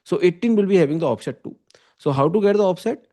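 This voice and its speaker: With lively intonation and a mellow, slightly high voice, an Indian English-accented man teaches computer science in an online lecture. He goes slowly through every step, regularly asking "okay?" and "right?" to make sure the listener follows.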